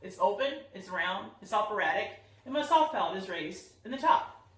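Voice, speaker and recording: Speaking at a moderate pace with a medium, expressive pitch, a young woman voice coach walks through singing technique in a warm, upbeat teaching tone. It's a lesson demo captured with roomy reverb, somewhat far from the mic.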